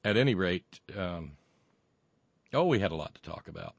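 A man with a low voice and a drawl carries a solo podcast monologue. He rambles and restarts, with sardonic asides. The sound is close and dry, with no room around it. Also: animated, normal speed, creaky, husky, no echo. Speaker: podcast host.

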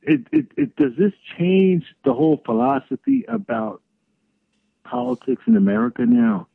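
Middle-aged guy rambling on a phone line, lively pitch, gravelly. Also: moderate pace, no echo. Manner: rambling, searching for words. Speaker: co-host. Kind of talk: casual political talk. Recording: tinny phone-line audio.

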